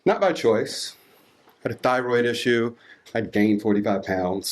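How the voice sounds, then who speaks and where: A man's voice: medium pitch, animated, measured pace, pauses often. A man in his forties from Washington, D.C., telling a candid, self-mocking story live on a theatre stage. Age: 40s. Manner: candid, self-mocking, laughing through the tale.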